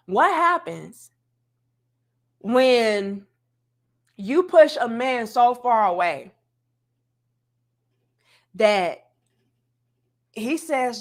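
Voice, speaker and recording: A woman's voice: high-pitched, big pitch swings, slow pace, pauses often, bright, forceful tone. A woman hosting a casual commentary show, talking emphatically and straight to her audience like she is lecturing them.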